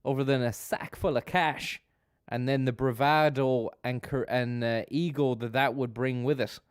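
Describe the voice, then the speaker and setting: A man's voice: mid-range voice, steady tone, moderate pace, smooth, no echo, studio quality. A man hosting a live stream, giving sardonic, rambling commentary on a video and swearing freely as he goes. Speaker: streamer host.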